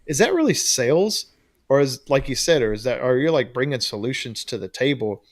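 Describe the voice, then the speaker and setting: A man with an ordinary mid-range voice co-hosts a relaxed podcast. He rambles easily, restarts his sentences and often breaks into laughter. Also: medium pitch, a little fast. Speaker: podcast co-host. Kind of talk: casual chat.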